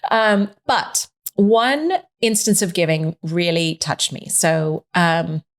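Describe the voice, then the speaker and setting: A woman's voice: fairly low pitch, slow. A woman, a podcast guest telling stories in casual chat and acting out the voices of people she quotes. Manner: animated storyteller, acts out voices in quotes.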